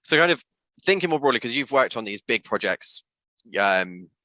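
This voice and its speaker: A man's voice: mid-range voice, very animated, moderate pace, bright, forceful tone, dry recording. A man from Britain with a British accent, hosting an interview and asking long, rambling questions full of fillers. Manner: rambling questions full of kind of and you know. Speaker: interview host. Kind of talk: casual interview chat.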